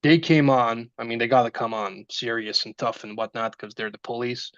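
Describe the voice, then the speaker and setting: Relaxed man from Serbia on a muffled line. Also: medium pitch, moderate pace, dry recording. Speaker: guest. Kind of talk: casual storytelling in conversation.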